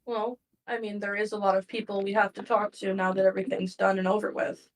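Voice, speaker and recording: A woman's voice: mid-range voice, level tone, fast. A woman playing a tabletop role-playing game, speaking in character and teasing the others. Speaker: player. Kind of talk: tabletop role-play banter.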